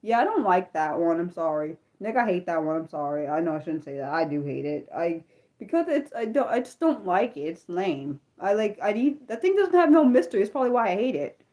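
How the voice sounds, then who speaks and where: A woman's voice: lowish voice, very animated, fairly quick, warm tone. A woman from Maryland with a Maryland American accent, hosting a casual unscripted livestream and rambling along with many fillers and restarts. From Maryland, USA. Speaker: livestream host.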